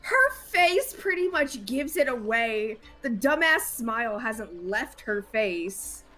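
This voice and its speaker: A woman's voice: a little high, sing-song, slow pace, bright, forceful tone, faint music behind. A woman playing a tabletop game, casually describing her character's actions with frequent laughter. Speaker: player. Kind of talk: tabletop role-play.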